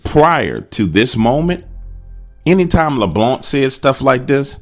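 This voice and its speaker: A man's voice: mid-range voice, big pitch swings, slow pace, soft background music. Dramatic male horror storyteller. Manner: dramatic, addresses listeners directly. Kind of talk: first-person horror story narration.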